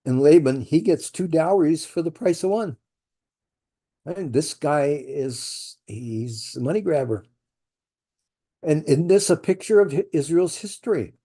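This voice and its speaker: A man's voice: a little high, lively intonation, unhurried, dark tone. A man teaching a verse-by-verse Bible study, thinking aloud with rhetorical questions and folksy asides.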